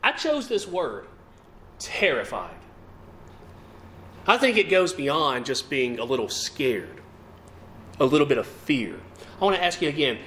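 Animated male preacher with a lively voice. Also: medium pitch, a little hiss or hum. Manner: asks the congregation questions, emphatic rising and falling delivery. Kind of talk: sermon.

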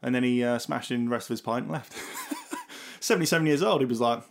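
A man co-hosting a casual film podcast, who swears freely and tells stories in an animated way. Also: medium pitch, fast, vocal fry. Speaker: podcast co-host.

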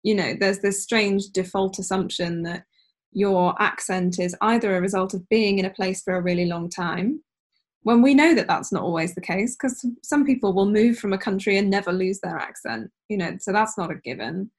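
A woman's voice: medium pitch, normal speed. A woman in casual chat, talking in a reflective, flowing way with frequent "you know".

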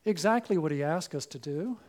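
A middle-aged man, a pastor, preaching a sermon that swings from hushed to loud. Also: on the high side, lively intonation, a little fast.

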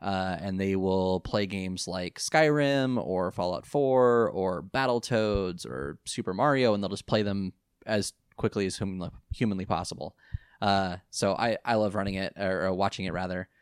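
A young man hosts a relaxed podcast, talking in a chatty, easygoing way. His voice sits a little low and comes through smooth and clear. The close mic leaves the sound dry. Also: normal speed, no echo. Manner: chatty, laughs often, fake British voice in the intro. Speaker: podcast co-host. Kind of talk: casual podcast chat.

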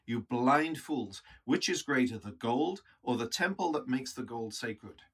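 A man's voice: medium pitch, expressive, unhurried, fairly bright tone, husky, exaggerated voice. A man reading as Jesus, grave teacher. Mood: stern. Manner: solemn, emphatic scripture reading. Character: Jesus, grave male teacher rebuking religious leaders.

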